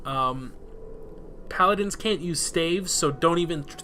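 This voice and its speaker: Excitable swearing gamer man. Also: a little high, normal speed, a little hiss or hum. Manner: rambling, excitable, swears a lot. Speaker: gameplay commentator. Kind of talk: let's play commentary.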